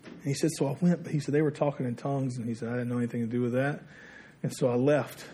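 Husky-voiced man telling a story in a sermon. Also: steady tone, fast talker, dark tone. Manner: conversational storytelling, quoting others in lowered voice. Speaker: pastor.

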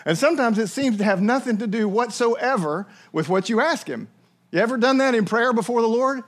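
A man's voice: extremely high pitch, expressive, brisk. A man preaching a sermon. He puts on voices for the people he quotes and keeps asking the listeners questions. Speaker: pastor.

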